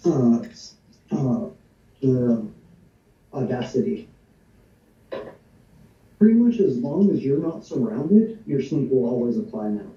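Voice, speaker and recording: A man's voice: medium pitch, big pitch swings, slow, pauses often, mellow. A man playing in a tabletop game, helpfully explaining the rules to others. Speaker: player. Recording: dull, roomy, distant mic.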